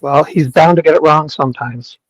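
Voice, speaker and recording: A man co-hosting a casual chat, bantering in a dry, deadpan way. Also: a little high, a little fast, dry recording, low-quality recording.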